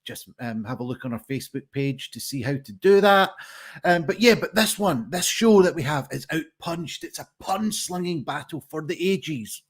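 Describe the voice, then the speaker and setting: A man hosting a live online pun contest over a video call, chatty and rambling with many fillers. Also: a little high. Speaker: host. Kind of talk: casual live stream hosting.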